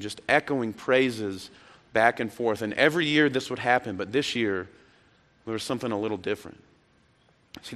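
Pastor preaching in a reverberant hall. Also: male voice, medium pitch. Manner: dramatic swings between hushed and shouted retellings. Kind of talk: sermon.

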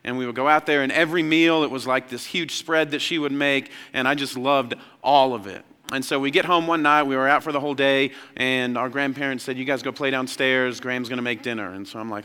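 A young man preaching a sermon as pastor, telling stories with lively energy and acting out childhood voices. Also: medium pitch, fairly quick, hardly any pauses, clean tone. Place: large church hall. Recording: long hall reverb.

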